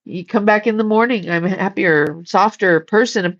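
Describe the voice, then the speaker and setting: A woman's voice: medium pitch, moderate pace, muffled recording. A woman casually chatting on a livestream, blunt and swearing freely while reading the chat and shooing her cat.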